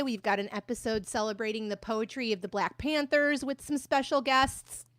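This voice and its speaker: A woman's voice: on the high side, fairly bright tone, clear, resonant tone, no echo, studio quality. A woman hosting a live online show, chatting in an upbeat way with many fillers. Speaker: host. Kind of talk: casual livestream chat.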